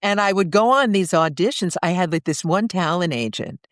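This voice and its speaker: An older woman with a New York accent, telling lively stories as a guest in an interview and acting out the people in them. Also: lowish voice, moderate pace, no echo, studio quality. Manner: lively storyteller, acts out voices. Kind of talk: storytelling interview.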